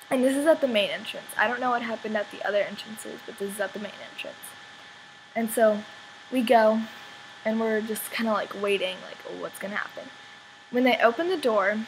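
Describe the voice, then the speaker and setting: Teen girl vlogging, says like a lot, kinda rambly, normal pitch. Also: slight background noise, rough recording. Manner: rambling, many "like" fillers. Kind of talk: casual storytelling vlog.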